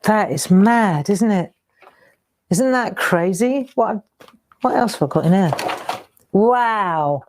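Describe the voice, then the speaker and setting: Chatty woman with a lively voice. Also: medium pitch, slow pace, long pauses, slight background noise. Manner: chatty, exclaims over old keepsakes. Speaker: craft show host. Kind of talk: casual live-stream chat.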